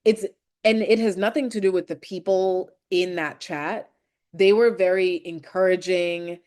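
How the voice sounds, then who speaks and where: A woman with an American accent talks in a reflective solo podcast, her voice sitting a little low. She speaks candidly and thoughtfully, with a self-conscious, open manner. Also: fairly even intonation, measured pace, darkish tone. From United States. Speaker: podcast host.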